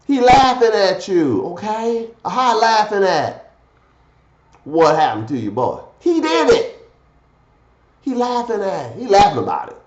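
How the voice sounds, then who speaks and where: A man preaching a fiery scripture sermon, swinging from loud declaiming to low muttered asides. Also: sing-song, a little slow, pauses often, roomy sound, lo-fi sound, a little hiss or hum.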